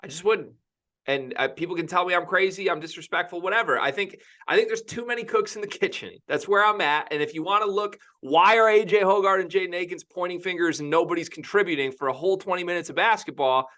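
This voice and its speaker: A young man talks basketball on a podcast, pressing his opinions hard and circling back to repeat them. His voice sits fairly high and rings bright. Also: fast talker. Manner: opinionated, emphatic, repeats himself. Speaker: podcast co-host. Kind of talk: casual sports podcast chat.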